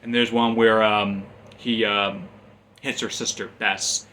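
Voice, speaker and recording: A man's voice: on the low side, level tone, takes it slowly, bright, forceful tone, a little hiss or hum. A man casually recapping a comic's plot as a reviewer, rambling with frequent ums and restarts.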